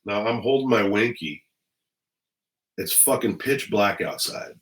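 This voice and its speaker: A middle-aged man from the Los Angeles area, speaking in a deep, low register. He is a former police officer telling stories to the camera from home, and his talk is blunt and full of swearing. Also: a little slow, low-quality recording. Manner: blunt and heavily profane. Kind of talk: casual storytelling to camera. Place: at home indoors.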